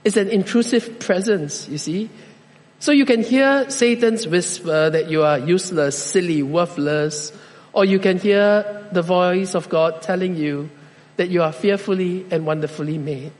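A male pastor with a high voice delivers a slow, deliberate sermon. He lets his phrases land one at a time with measured pauses. His voice rings out with the long reverb of a large church hall.

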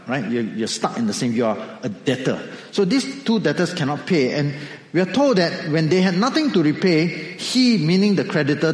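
A man preaching a sermon, animated storytelling with acted asides. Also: fairly high pitch, echoey room, in a large hall, rough recording. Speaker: pastor.

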